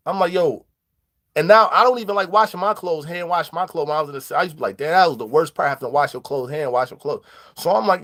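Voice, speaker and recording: A man tells stories in an easygoing vlog. He talks animatedly in street slang, mixing in shout-outs to viewers and acted-out dialogue. His voice sits a touch high. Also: quick pace. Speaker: vlogger. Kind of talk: casual storytelling vlog.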